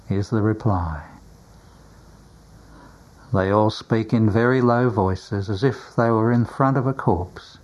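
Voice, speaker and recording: A man reading a religious story aloud in a grave, measured manner. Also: fairly low pitch, a little mellow, muffled recording. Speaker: narrator. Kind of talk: scripted religious narration, audiobook reading.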